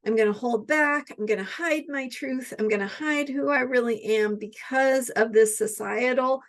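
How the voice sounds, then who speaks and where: A woman's voice: fairly high pitch, moderate pace. A woman astrologer teaching in a reflective spoken style, often repeating her questions and asking "right?" between her points.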